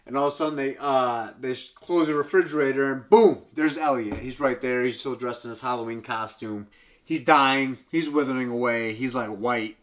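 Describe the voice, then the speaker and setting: A man doing comedy goes over a film in a loose, profane way, often breaking into squeaky impressions and sound effects. He speaks at a normal pace with a slightly bright quality.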